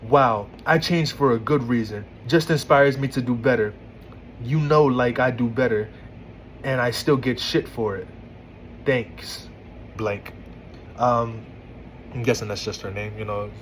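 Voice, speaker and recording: A man's voice: mid-range voice, measured pace, pauses often, slight background noise, low-quality recording. A man casually reading out and reacting to a couple's text argument, exasperated and incredulous, often stumbling and restarting his words. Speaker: commentator reading text messages.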